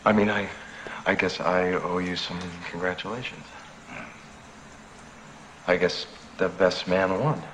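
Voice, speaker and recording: A man's voice: low voice, steady tone, a little slow, pauses often. An actor playing an ambitious, spiteful male executive in film dialogue, urgent and bitter. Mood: smooth. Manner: urgent, pleading then bitter. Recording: film audio with ambient noise.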